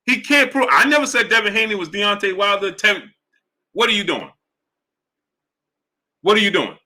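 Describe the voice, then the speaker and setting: A man hosting a live boxing stream, arguing his point with repetition and greeting chat members in a lower voice. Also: moderate pace. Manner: animated, argumentative, repeats points; drops low and soft for chat shout-outs. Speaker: boxing show host.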